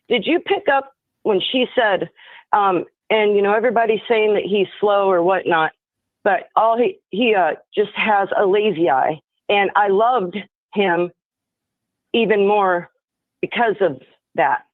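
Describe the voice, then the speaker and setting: A woman's voice: mid-range voice, a little slow, dry recording. A woman phones into a live show and rambles through her thoughts, piling up fillers and half-finished sentences. Her voice sits in a middle range and comes through a thin, tinny phone line. The sound is dry and close. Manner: rambling, full of fillers and restarts. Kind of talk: casual speculative chat.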